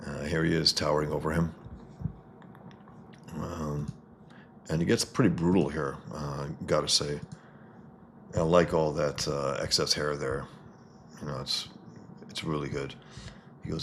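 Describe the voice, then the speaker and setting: A man casually reviewing a comic book, reading its panels and sound effects aloud between relaxed comments. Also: a little slow, long pauses, slight background noise. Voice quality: very deep, gravelly and husky.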